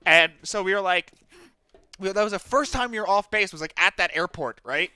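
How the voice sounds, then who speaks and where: Bright-voiced young man gaming and swearing. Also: sits high, normal speed, smooth, no echo. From New Jersey. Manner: swears freely, animated storytelling. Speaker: streamer. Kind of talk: casual chat while gaming.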